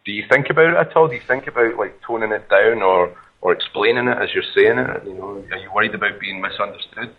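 A man's voice: on the low side, fast, hardly any pauses, husky. Scottish man on a tinny phone line. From Scotland. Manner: hesitant, questioning. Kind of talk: casual radio chat.

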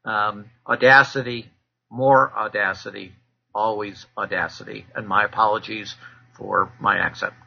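A man as a fraud expert guest, giving measured, lecturing answers with frequent filler pauses. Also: on the low side, steady tone, vocal fry, pushed and bright, lo-fi sound. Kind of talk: explanatory interview answers.

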